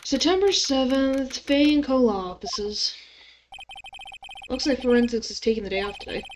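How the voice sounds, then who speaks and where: A woman's voice: high-pitched, normal speed, noisy background. A woman streamer playing a game and reading its dialogue aloud, with casual mumbled asides. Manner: casual, mumbled asides between read lines. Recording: music playing behind.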